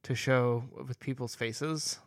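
A man's voice: medium pitch, steady tone, slow, no echo, clean studio sound. A man co-hosting a podcast in casual, joking chat, laughing often and trailing off with fillers. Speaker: podcast co-host.

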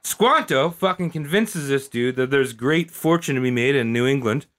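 Animated man telling history casually. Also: mid-range voice, normal speed. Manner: animated, swearing, jokey storyteller. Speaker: podcast co-host. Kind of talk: casual chat, retelling history.

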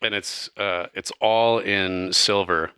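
A man's voice: deep voice, fairly even intonation, slow, bright, forceful tone, clean tone, dry recording. A man running a tabletop game as game master, narrating in a loose, chatty way.

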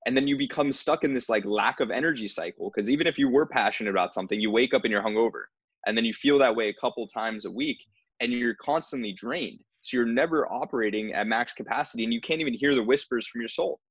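A man's voice: mid-range voice, fast talker, fairly bright tone, breathy edge, dry recording, highs cut off. A man in casual conversation who speaks earnestly about finding one's path. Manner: earnest, spiritual talk.

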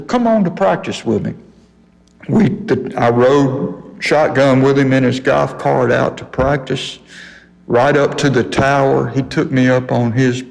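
A man's voice: mid-range voice, creaky, darkish tone. Older man, folksy radio storyteller, chuckles, long reverb. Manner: folksy, laughs often while telling. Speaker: radio guest telling a story.

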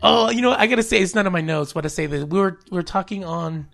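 A man's voice: high voice, fast talker, vocal fry, a bit bright. A young man from California co-hosting a casual podcast, telling stories animatedly, acting out quotes and laughing often. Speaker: podcast co-host. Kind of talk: casual chat.

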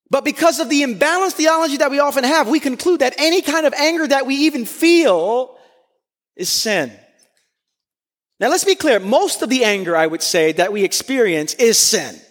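A man with an unusually high-pitched voice delivers a sermon. He speaks earnestly and with strong emphasis, at times lifting almost to a shout. His voice carries a long reverb that fills a large hall. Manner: earnest and emphatic, rising to near-shouts on key points. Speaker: preacher.

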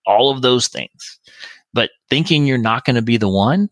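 A man's voice: medium pitch, animated, normal speed, fairly bright tone, no room sound. A man in casual conversation, reflecting and explaining his point step by step.

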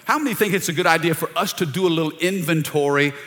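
A middle-aged man preaching a sermon in a church, energetic and calling out to the congregation. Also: fairly high pitch, fast talker. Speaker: pastor. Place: church sanctuary. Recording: long reverb of a large hall.

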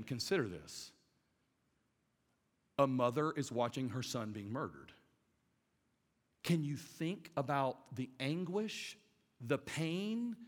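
A man in his forties preaching a sermon from a church stage, talking to the room like a conversation and swinging between loud bursts and hushed lines. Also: on the high side. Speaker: pastor. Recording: long hall reverb.

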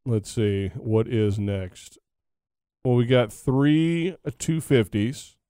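A man co-hosts a casual podcast in a joking, rambling, self-mocking way. His voice is mellow and soft-edged. The recording is dry and close. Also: mid-range voice, lively intonation, takes it slowly, smooth, no room sound. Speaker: podcast co-host. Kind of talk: casual chat.

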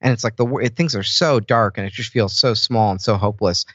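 A man's voice: on the low side, fairly quick, a bit bright, slightly rough, no echo. Guy rambling in a casual chat, lots of ums, kinda dull lo-fi sound. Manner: rambling, many fillers and restarts. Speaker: podcast guest. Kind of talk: casual conversation.

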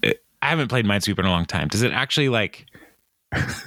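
Low-voiced male co-host, chatty and giggly, close dry sound. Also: expressive, fast talker, sharp tone, dry recording. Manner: laughs often, acts out lines in a raised voice. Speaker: podcast co-host. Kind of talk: casual chat recapping a TV episode.

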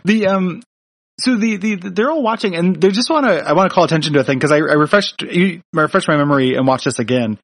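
A man co-hosting a podcast, rambling through a cartoon recap with jokes and frequent restarts. His voice sits a little on the high side. The sound is dry and close, with no room around it. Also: quick pace, no room sound. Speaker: podcast co-host. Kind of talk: casual chat, cartoon recap.

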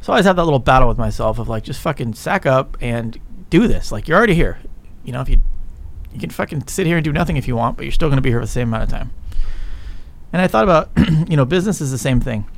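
Man, podcast host, casual rant, blunt and profane, animated. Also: mid-range voice, fast, vocal fry. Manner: frank, profane, animated storytelling.

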